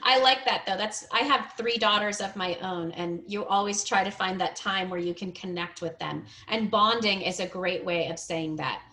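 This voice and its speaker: A woman teaching English on a video call, coaching a student's speaking with encouragement, gentle corrections and frequent laughter. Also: mid-range voice, normal speed, few pauses. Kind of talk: one-on-one pronunciation and grammar coaching.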